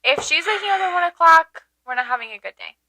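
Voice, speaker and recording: A woman's voice: very high voice, animated, fast talker, sharp tone, no room sound, rough recording. Teasing young woman, dry close sound. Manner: teasing, laughs easily. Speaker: podcast co-host. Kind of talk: casual chat.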